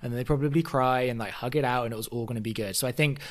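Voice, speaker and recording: A man's voice: mid-range voice, fast talker. Man co-host telling stories. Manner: lively storyteller who acts out quotes. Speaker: podcast co-host. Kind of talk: casual chat.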